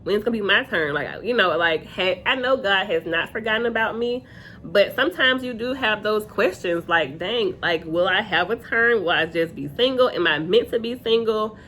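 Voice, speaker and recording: A woman's voice: medium pitch, lively intonation, normal speed, a bit bright, slight background noise. A young woman casually recapping a reality dating show episode, chatty and full of fillers, often quoting cast members. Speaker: reality TV reviewer.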